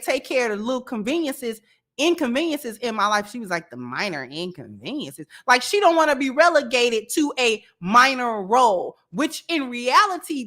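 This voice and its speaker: A woman's voice: high voice, a bit bright. A woman hosting a commentary video, speaking bluntly and scolding. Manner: blunt, scolding, repetitive emphasis. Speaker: commentary channel host. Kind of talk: reaction commentary.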